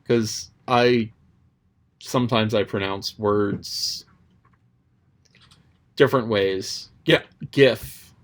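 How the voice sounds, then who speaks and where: Extremely slowly and with long pauses, a man with a fairly low voice talks through his thoughts on a chapter he read aloud. His casual musing is full of ums and restarts, with the odd playful turn into quoted voices.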